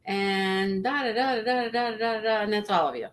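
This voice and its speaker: A woman's voice: medium pitch, normal speed, faint music behind. A woman hosting a live book discussion, chatty and greeting viewers by name. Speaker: book club host. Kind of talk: casual live-stream chat.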